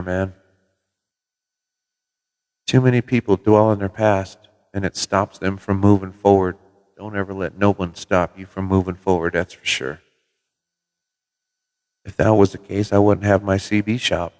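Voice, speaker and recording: A middle-aged man from Minnesota hosts a casual livestream from his CB radio shop, spinning relaxed, folksy stories with the odd swear word. His voice sits a little low. The room gives it a long, hall-like reverb. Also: a little slow, long pauses. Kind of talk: casual livestream chat with viewers. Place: CB radio shop in New Mexico.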